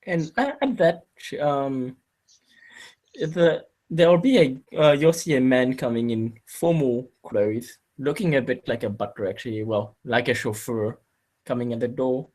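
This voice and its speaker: A man acting as game master in a tabletop role-play, narrating in a halting way with many pauses and restarts. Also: mid-range voice, a little mellow. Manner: halting, full of fillers and restarts.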